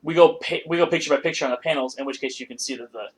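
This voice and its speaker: A man's voice: mid-range voice, rapid-fire. A young man hosting a casual gaming podcast, swearing often and getting worked up in banter. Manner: profane, excitable banter. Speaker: podcast host.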